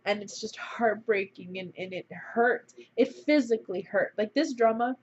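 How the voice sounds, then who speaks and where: A woman's voice: mid-range voice, normal speed, husky. A young woman casually reviewing a drama on her channel, gushing and emotional as she chats. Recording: slightly dull lo-fi recording.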